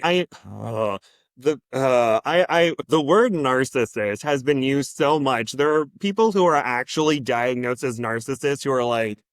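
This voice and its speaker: A man's voice: medium pitch, animated, measured pace, no room sound. A man co-hosting a fan podcast in casual chat, rambling a little with restarts and hesitations. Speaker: podcast co-host.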